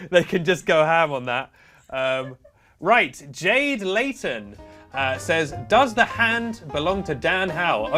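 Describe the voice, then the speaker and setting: A young man hosting a comedic charity live stream, playful and prone to laughing. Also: sits high. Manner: playful, giggly, animated banter.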